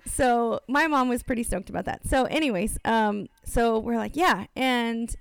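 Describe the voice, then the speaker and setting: A woman's voice: fairly high pitch, moderate pace, vocal fry, clean tone, no room sound. A young adult woman, co-hosting a podcast and telling a story in casual chat, acting out the quotes. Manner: chatty storyteller, acts out quotes. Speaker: podcast co-host.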